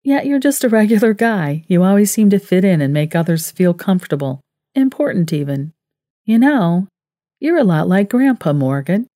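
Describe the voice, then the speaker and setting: A woman's voice: medium pitch, animated, normal speed, mellow, no echo, studio quality, natural voice. A woman narrator voicing a distraught, fiery grown woman who cries out emotionally. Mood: warm.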